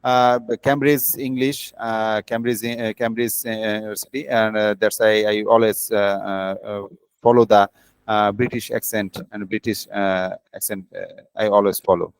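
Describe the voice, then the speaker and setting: Low-voiced man halting through fillers. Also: level tone, clean tone, no room sound. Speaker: English learner. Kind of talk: casual practice chat.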